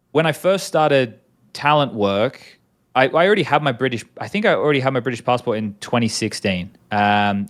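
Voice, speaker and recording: An Australian man in his thirties, chatting casually as an interview guest, rambling with many restarts. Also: medium pitch.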